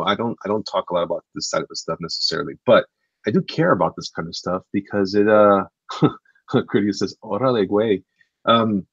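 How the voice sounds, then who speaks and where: A man's voice: fairly low pitch, husky, dry recording, highs cut off. A man hosting a live stream and reading the chat, talking hesitantly with many restarts. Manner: hesitant, restarts a lot, repeats "listen".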